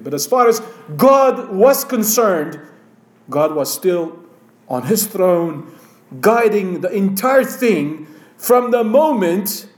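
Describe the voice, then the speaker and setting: A man preaching a slow, emphatic sermon and reading scripture aloud. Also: sits high, a little mellow, echoey room.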